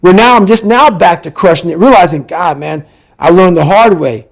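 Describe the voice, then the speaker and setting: A middle-aged man giving an intense motivational talk as a podcast guest, forceful and repetitive in his emphasis. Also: sits high, animated, a little fast.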